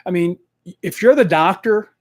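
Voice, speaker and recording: A man coaching salespeople in a live stream, talking straight into a desk microphone in a direct, energetic way and repeating his key points. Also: high-pitched, normal speed, no echo, studio quality.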